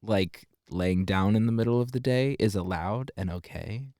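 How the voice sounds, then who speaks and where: A man in his twenties, a seminarian co-hosting a podcast, talking in a relaxed, reflective and affirming way. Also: lowish voice, moderate pace, no room sound, clean studio sound. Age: 20s. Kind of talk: casual podcast chat.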